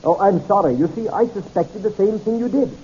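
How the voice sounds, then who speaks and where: A man voicing an eager, apologetic young male chemist who talks quickly and hesitantly. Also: fairly high pitch, animated, mellow, slight background noise, close to an everyday voice. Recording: dull lo-fi recording.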